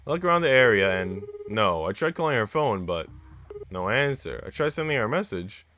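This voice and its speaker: A man streaming himself reading a visual novel aloud, expressive and reacting out loud between lines. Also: fairly low pitch, fairly quick, slight background noise. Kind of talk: dramatic read-aloud with commentary.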